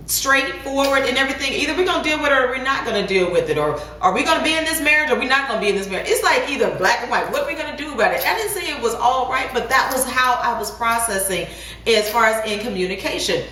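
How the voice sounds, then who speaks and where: A woman's voice: on the high side, quick pace. Emphatic woman co-host in an echoey room. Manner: animated, emphatic, interrupts playfully. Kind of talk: casual chat. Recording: echoey room, far from mic, faint noise.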